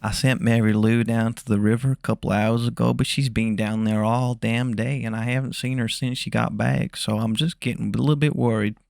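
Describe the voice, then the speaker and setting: A man putting on a Southern US accent, voicing a worried rural Southern man in a slow, fretful drawl. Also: mid-range voice, fairly even intonation, gravelly, no echo, studio quality, natural voice.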